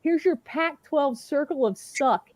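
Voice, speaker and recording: A woman's voice: high voice, unhurried, a little mellow. Fired-up woman ranting about football. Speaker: panelist. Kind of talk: casual sports chat.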